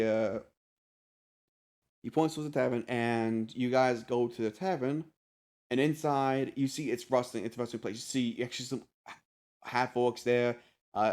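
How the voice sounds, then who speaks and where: A man's voice: medium pitch, darkish tone. A man narrating as game master for a tabletop game, hesitant with frequent restarts. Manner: halting, many restarts and fillers.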